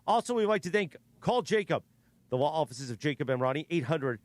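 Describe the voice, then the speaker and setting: Male radio producer, quick brisk delivery, slightly raised pitch. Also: expressive, no room sound. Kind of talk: radio banter and ad reads.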